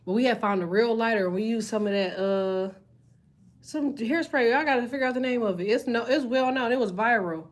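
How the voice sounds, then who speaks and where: A woman's voice: fairly high pitch, a little fast. A woman reading tarot who reacts to viewer comments in casual live-stream chat. She swears freely, jokes, and laughs often. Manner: profane, laughs often, jokey banter.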